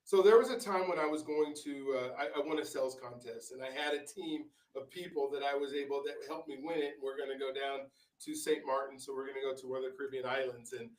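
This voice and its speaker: A man's voice: mid-range voice, steady tone, fast talker. A male author, a guest on an interview, telling stories in a rambling way with many fillers and restarts. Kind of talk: casual interview storytelling. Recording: roomy, distant from the mic.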